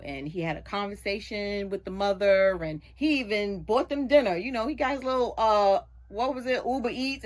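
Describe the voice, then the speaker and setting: Animated storytelling woman. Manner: animated retelling, acting out others' lines in a higher voice. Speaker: radio show guest. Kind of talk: storytelling in a casual chat.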